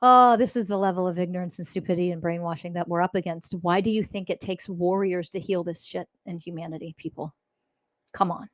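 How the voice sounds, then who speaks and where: A woman's voice: on the low side, steady tone, brisk, dry recording. A woman hosting a spiritual podcast, talking in a blunt, profane, mocking monologue. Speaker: podcast host.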